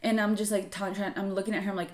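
A young woman co-hosting a casual podcast, telling an animated story with plenty of "um"s and "like"s. Her voice sits in a middle pitch and bounces off an echoey room. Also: very fast. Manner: animated storytelling with frequent fillers. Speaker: podcast co-host. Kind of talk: casual chat.

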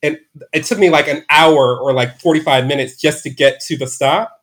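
A man's voice: on the high side, normal speed, a bit bright. A man as a podcast guest, telling a candid personal story from his bedroom at home, rambling with many "like" fillers and restarts.

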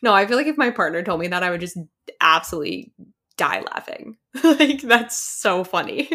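A woman's voice: medium pitch, very animated, moderate pace, fairly bright tone. Chatty New England woman. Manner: laughs often, chatty and playful. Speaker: podcast co-host. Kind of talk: casual chat reading comments.

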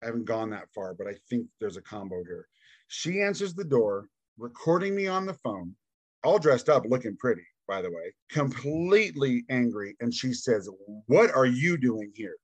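A man speaks as a guest on a podcast, recounting his story casually and with energy. He slips into the voices of the people he quotes and drops in a laid-back "dude" now and then. His voice sits in an ordinary middle pitch, recorded dry with no room sound. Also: moderate pace, no echo. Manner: animated, acts out quoted dialogue.

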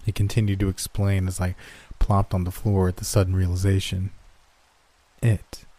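A man narrates a first-person horror story in an even, steady storytelling manner. His voice sits low and sounds mellow and relaxed.

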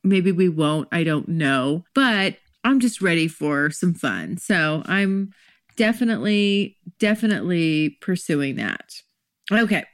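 A woman's voice: lowish voice, lively intonation, unhurried, dry recording, studio quality. A woman hosting her own podcast, talking in a chatty, gushing way with lots of fillers. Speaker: podcast host. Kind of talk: casual solo podcast talk.

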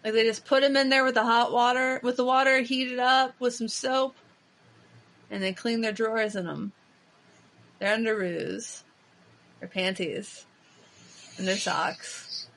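A woman's voice: fairly high pitch, fairly even intonation, unhurried, long pauses, fairly bright tone. A woman co-hosting a podcast in casual chat, rambling with frequent restarts and fillers. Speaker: podcast co-host.

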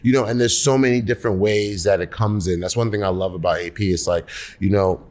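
Male podcast guest, lowish voice, relaxed rambling chat. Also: brisk. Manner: loose, filler-heavy storytelling. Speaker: podcast guest, music entrepreneur. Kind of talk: casual chat.

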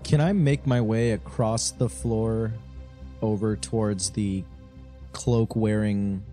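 A man playing a tabletop game, speaking in a halting, hesitant way. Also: lowish voice, fairly even intonation, mellow, soft background music. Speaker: player. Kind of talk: casual tabletop play.

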